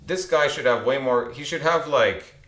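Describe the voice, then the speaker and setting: A man's voice: mid-range voice, normal speed, fairly bright tone. Rambling man in a roomy space. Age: 30s. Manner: rambling, with frequent restarts and repeated words. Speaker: channel host. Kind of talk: casual storytelling monologue.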